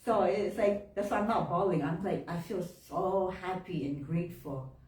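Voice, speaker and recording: A woman minister giving a heartfelt personal testimony to her congregation, laughing often and jumping up in pitch when she gets excited. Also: moderate pace. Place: church hall. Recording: roomy room, voice from far off.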